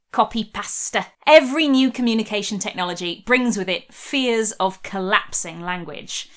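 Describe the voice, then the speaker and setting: A woman's voice: mid-range voice, a bit bright. A young woman narrating a scripted history video essay in a wry, conversational way.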